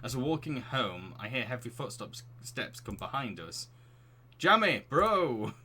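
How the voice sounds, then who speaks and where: A male streamer from England with a bright, clear voice that leaps around a lot in pitch. He chatters and giggles as he reads the game aloud into a streaming mic, with a faint hiss behind him. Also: expressive, normal speed. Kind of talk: let's play commentary.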